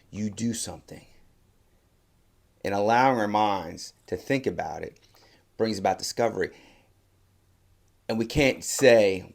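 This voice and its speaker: A man giving a motivational talk, telling a story and then reflecting slowly with soft pauses. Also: on the low side, vocal fry. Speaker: motivational speaker.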